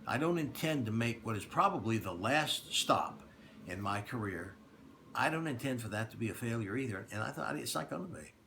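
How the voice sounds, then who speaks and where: A man's voice: medium pitch, animated, normal speed, vocal fry, sharp tone, a little hiss or hum. A middle-aged man, a radio talk show host, speaking straight to his listeners in a plainspoken announcement, stressing points by repeating them. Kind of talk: direct-to-listener announcement monologue.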